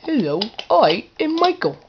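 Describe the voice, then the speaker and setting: A woman's voice: low voice, wildly swooping pitch, moderate pace, highs cut off, a little hiss or hum, pitched below the performer's own voice. A woman voicing a polite, formal new male engine in a toy-train story.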